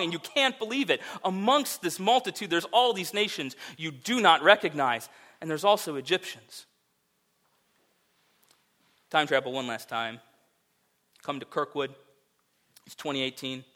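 A man preaching a sermon, telling a vivid second-person story that rises to loud, emphatic peaks. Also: a little high, normal speed, long pauses. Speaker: pastor.

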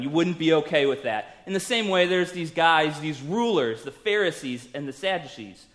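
A man preaching a sermon in a conversational way, telling the story with lively acted-out quotes. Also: on the high side.

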